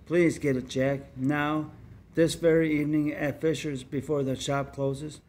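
Gentle, pleading bedridden boy, earnest, as a male reader puts him on. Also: on the high side, flat delivery, a little slow, a little hiss or hum, lightly acted.

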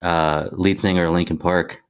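Low-voiced man, halting casual chat. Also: little pitch movement, clean tone. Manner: hesitant, lots of uh and restarts. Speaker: podcast co-host.

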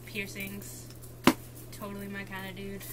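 A woman from the Northeastern US chatting with friends about books, teasing and drawn out, sometimes dropping to soft asides. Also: mid-range voice, completely flat delivery, unhurried, noisy background. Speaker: co-host of book vlog. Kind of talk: casual chat among friends.

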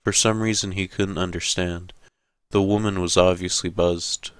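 A man narrating an audiobook in a measured, steady way. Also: deep voice, clean tone, no echo. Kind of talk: scripted narration.

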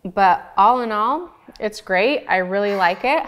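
Slow-talking woman reviewing ice cream. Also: mid-range voice, animated, fairly bright tone. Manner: slow, thoughtful, chatty, talks with her mouth full. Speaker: ice cream maker reviewing store-bought ice cream. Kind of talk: casual product review vlog.

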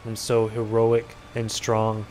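A man voicing a small, filthy, boastful male goblin in a gruff, self-satisfied drawl during video game commentary. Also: fairly low pitch, completely flat delivery, slow pace, a little mellow, a little hiss or hum, pitched below the performer's own voice. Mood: smug. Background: game music.

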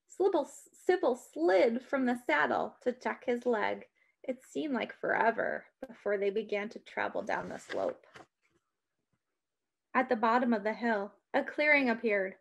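A woman reading a children's story aloud with an expressive, dramatic delivery. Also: a little high, measured pace, creaky.

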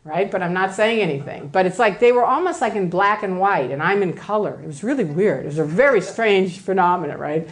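A woman giving a personal storytelling talk, animated and acting out the voices she quotes, often tagging lines with "right?". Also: lowish voice, fairly quick, few pauses. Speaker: speaker giving a public talk.

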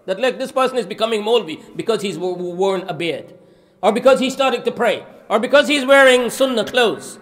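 A man's voice: high-pitched, expressive, brisk, fairly bright tone. A man giving an earnest, explanatory religious lecture, quoting Arabic scripture as he teaches. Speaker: Islamic lecturer.

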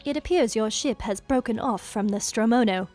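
A woman putting on a flat robotic station computer. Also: a little high, normal speed, faint music behind, close to an everyday voice. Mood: flat, measured. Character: calm female station AI computer.

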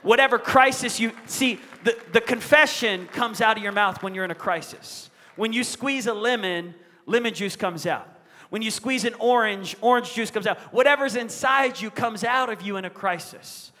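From a church stage, a middle-aged pastor delivers a sermon at a moderate pace in a high, bright voice. He leans into emphatic call-and-response lines while the sanctuary's long reverb trails after each phrase.

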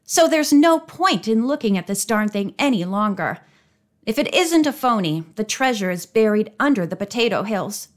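A woman's voice: medium pitch, animated, lightly acted. A woman reading an audiobook, voicing an eager, restless teenage girl. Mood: puzzling. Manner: eager, quick to complain.

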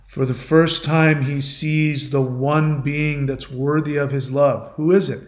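A man's voice: on the high side, steady tone, measured pace. A man hosting his channel, telling a myth as a lesson in a conversational way, with explanatory asides to the listener. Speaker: channel host. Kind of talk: storytelling, retelling a myth as a lesson. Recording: roomy echo.

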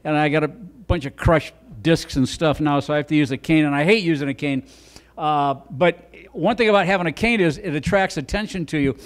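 High-voiced older man doing stand-up. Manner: rambling, folksy, self-mocking. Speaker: stand-up comedian. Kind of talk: stand-up comedy set. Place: comedy club stage.

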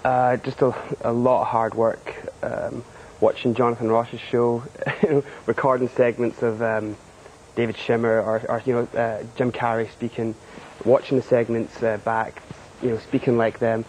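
Scottish man, halting TV interview guest. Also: medium pitch, level tone, a little mellow, slight background noise, low-quality recording. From Scotland. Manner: hesitant, many fillers and quick laughs. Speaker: guest author. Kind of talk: studio TV interview. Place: TV studio.

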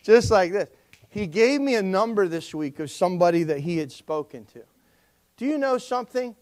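A man's voice: high voice, expressive, a little fast, darkish tone. A male pastor preaching a sermon in an emphatic style and calling on the congregation to respond.

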